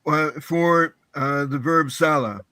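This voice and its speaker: A male student asks his teacher careful questions, pausing on fillers as he goes. His voice is bright and he speaks slowly, recorded dry and close. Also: fairly high pitch, no echo, poor audio. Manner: careful, hesitant, many fillers. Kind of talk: asking questions in class.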